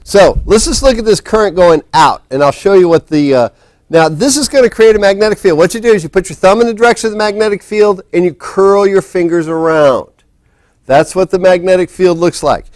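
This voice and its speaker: In a lecture hall, a high-pitched man with a darkish tone teaches physics at a fairly quick clip, with no echo on the audio. He rambles casually, keeps restarting his sentences, and talks while he sets up.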